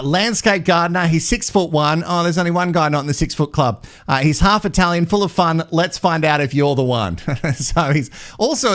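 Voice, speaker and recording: A man's voice: fairly high pitch, fairly bright tone. A young man hosting a casual recap vlog, playful and sarcastic, laughing often. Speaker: vlog host recapping a reality show.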